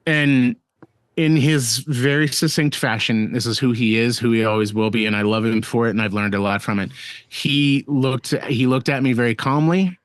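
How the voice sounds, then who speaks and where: Profane, animated man telling a story. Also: medium pitch, dry recording. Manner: profane, animated, rambling with restarts. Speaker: guest storyboard artist. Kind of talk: casual storytelling interview.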